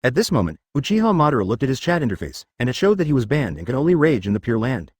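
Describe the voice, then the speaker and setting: A man's synthetic voice narrating a web novel, reading everything in an even, machine-like way. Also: medium pitch, very fast, breathy edge, no echo, studio quality. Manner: flat synthetic reading, reads markup aloud.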